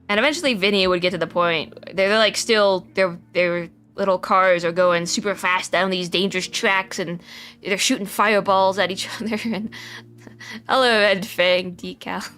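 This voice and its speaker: A woman's voice: medium pitch, steady tone, normal speed, a bit bright, soft background music. Giggly, rambling streamer woman. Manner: rambling, giggly, many restarts. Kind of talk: casual live-stream chat.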